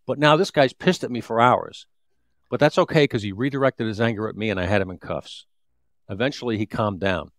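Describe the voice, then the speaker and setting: Low-pitched guy in his 50s, ex cop telling a story, dry mic, lots of restarts. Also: fairly quick, no room sound. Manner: vivid, repetitive storytelling with restarts and re-enacted dialogue. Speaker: retired police detective, podcast guest. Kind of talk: storytelling in a conversational interview.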